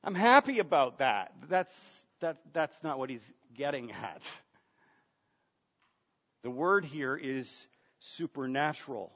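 A man's voice: medium pitch, a bit bright. Male pastor, sermon delivery, earnest and questioning, slightly muffled recording. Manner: earnest, rhetorical questions, repeats words. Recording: dull sound, long reverb of a large room.

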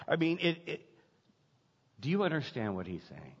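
A man preaching a sermon as pastor, emphatic, building points through repetition and dramatic pauses. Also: fairly high pitch, huge pitch swings, breathy edge. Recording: dull lo-fi sound with long hall reverb.

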